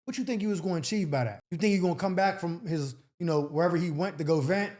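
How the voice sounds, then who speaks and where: A young man hosting an advice show, reading letters and riffing in slangy, animated casual talk, often acting out the people he quotes. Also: fairly high pitch, fast talker.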